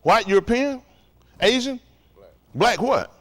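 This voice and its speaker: A man's voice: high voice, expressive, a little slow, a bit bright. A man teaching a religious study group in a fiery preaching style, profane and provocative, firing rhetorical questions at the room.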